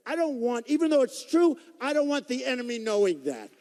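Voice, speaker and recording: A man speaking at a campaign rally, his pitch sitting fairly high and leaping up and down as he hammers points home. He repeats himself for emphasis in a loose, unscripted delivery, his voice dark in tone. A long reverb from a large hall trails every phrase. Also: big pitch swings, fairly quick. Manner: emphatic, repetitive, off-the-cuff. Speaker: political candidate. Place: large indoor rally venue.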